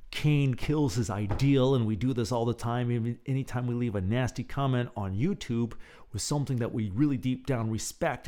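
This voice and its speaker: A man hosting his own podcast, telling rambling everyday stories with chuckles and restarts, then slowly and softly guiding a breathing exercise. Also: fairly low pitch. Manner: slow and soft when guiding breathing. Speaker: podcast host. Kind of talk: casual storytelling, then a guided breathing exercise.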